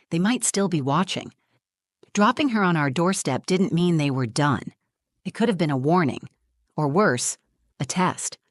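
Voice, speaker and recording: Low-voiced woman narrating a story. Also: dry recording, clean studio sound. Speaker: first-person narrator, mother.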